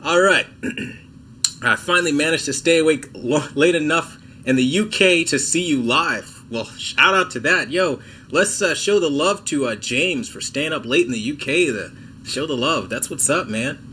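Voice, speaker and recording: A man's voice: fairly high pitch, expressive, measured pace, pushed and bright, slight background noise. A sick man hosting a casual TV tech livestream at home, chatting with viewers in a laid-back, self-mocking way. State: sick, coughing and clearing throat.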